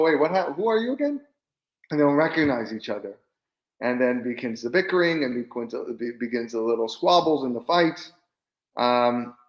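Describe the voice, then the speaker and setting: A man's voice: mid-range voice, echoey room. A man, a rabbi, giving a conversational class on marriage, often repeating and restarting his words. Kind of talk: informal lecture on marriage.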